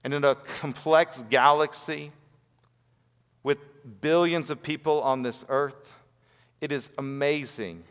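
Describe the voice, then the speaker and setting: A male preacher with a fairly high voice delivers an earnest sermon, pressing his listeners with rhetorical questions. His voice rings out with a long hall reverb trailing each phrase. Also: fairly even intonation, slow pace, a bit bright, smooth.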